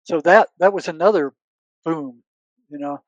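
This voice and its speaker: An older man speaks as an interview guest, his voice sitting a bit high for a man. He tells stories earnestly, repeating words as he searches for them and acting out old conversations. The sound is close and dry. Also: measured pace, no room sound, muffled recording. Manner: relives past conversations, quoting himself and others. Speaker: guest, retired psychotherapist. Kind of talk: conversational storytelling.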